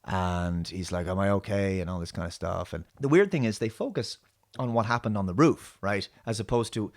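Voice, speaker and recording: A man with a fairly low voice hosts a solo review show. He rambles critically through a television episode, restarting sentences and filling pauses with "uh" and "you know.". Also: lively intonation, vocal fry. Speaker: show host.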